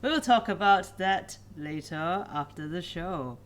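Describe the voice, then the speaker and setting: A woman's voice: on the low side, lively intonation, a little slow. A woman co-hosting a let's play stream, chatting and reading the game's narration aloud in an easy, slightly tired way. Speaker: streamer co-host.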